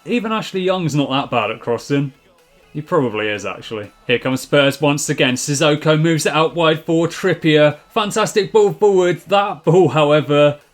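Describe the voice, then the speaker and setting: Wry man commentating a football game. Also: a little high. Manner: deadpan, wry asides. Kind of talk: dry sarcastic football commentary over gameplay.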